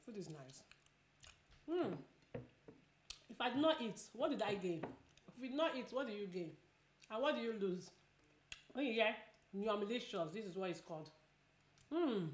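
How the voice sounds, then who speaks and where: A woman's voice: medium pitch, sing-song, moderate pace, pauses often, slight background noise. Chatty woman vlogger in an echoey room. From Nigeria. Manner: chatty, repeats words for emphasis, eats between phrases. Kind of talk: casual mukbang vlog chat.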